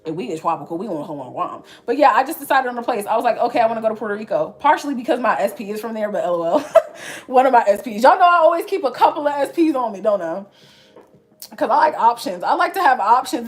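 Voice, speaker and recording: A young woman in her twenties chats with her viewers, her higher voice leaping up and down as she tells a story. She is blunt and slangy and laughs often. Faint music plays under her talk. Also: expressive, fast. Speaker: vlogger. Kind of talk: casual chat.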